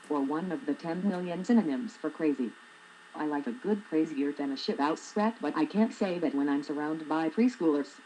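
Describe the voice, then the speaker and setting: Woman, 40s, low voice, wry and sarcastic, reading her own humor blog post. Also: warm tone, a little hiss or hum, poor audio. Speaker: blogger.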